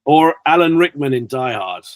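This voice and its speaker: A British man, an actor, chatting as an interview guest and telling lively stories with acted-out quotes. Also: fairly high pitch, normal speed, dry recording. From Britain. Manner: animated storyteller acting out quotes. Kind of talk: casual interview chat.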